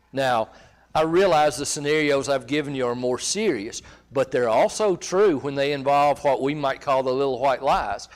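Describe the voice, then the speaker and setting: A man presenting a marriage seminar in a church, talking conversationally and checking in with his audience. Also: medium pitch. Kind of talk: teaching a seminar.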